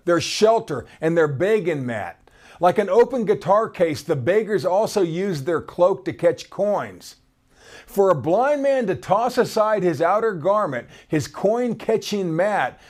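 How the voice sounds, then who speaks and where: A man's voice: fairly high pitch, a little mellow. A man giving conversational, storytelling Bible teaching and reading scripture aloud.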